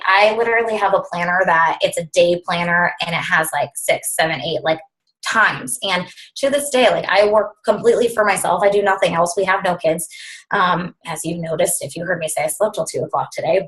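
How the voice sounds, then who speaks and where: A woman's voice: mid-range voice, poor audio. A young woman coaching her team over a video call, talking bluntly and with lots of fillers. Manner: blunt, animated, filler-heavy.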